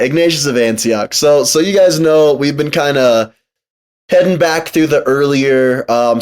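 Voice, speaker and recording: A man co-hosting a podcast, narrating a story and then chatting casually, with plenty of fillers. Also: medium pitch. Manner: relaxed, with frequent fillers and laughter. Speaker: podcast co-host.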